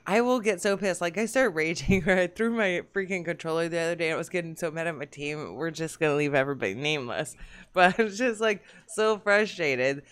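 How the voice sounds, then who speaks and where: Smooth-voiced bubbly woman hosting. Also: fairly low pitch. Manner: bubbly, quick to tease. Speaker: podcast host. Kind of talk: casual gaming podcast chat.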